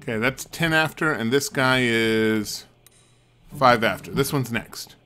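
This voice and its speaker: A man's voice: mid-range voice, unhurried, pushed and bright. A man streaming a mystery game, thinking aloud and muttering to himself as he works out clues. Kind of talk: let's play commentary. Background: game music.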